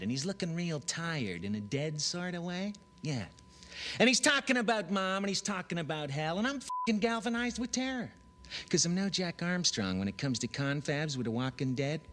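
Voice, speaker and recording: Guy playing a cocky swearing hipster prince, bright voice that swings all over. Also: fairly high pitch. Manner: brash, cocky, profane street talk. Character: slangy hipster version of a brooding young prince. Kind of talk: comic audition monologue.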